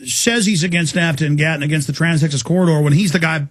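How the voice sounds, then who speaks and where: A male talk show host with a notably high voice for a man. He speaks with fiery emphasis, driving his points hard and fast like a campaign rally. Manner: fiery, emphatic and rapid-fire. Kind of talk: political talk interview.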